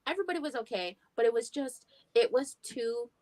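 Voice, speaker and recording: Brisk and expressive, this young woman's voice is on the high side and a little mellow, with no echo. Hosting a livestream, she chats casually and tells stories, swearing freely and playing out what others said.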